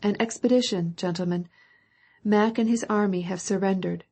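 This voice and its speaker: A woman reading a cheerful young officer in an audiobook, joking and lively as he brings news. The voice is mellow and a little husky. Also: mid-range voice, moderate pace, natural voice.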